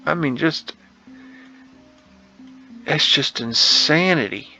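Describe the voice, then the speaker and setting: A man hosts a casual photo-tour commentary in a slightly high, pushed, bright voice at a slow pace. He rambles and muses with slangy asides, and the recording is dull and lo-fi, with faint guitar music.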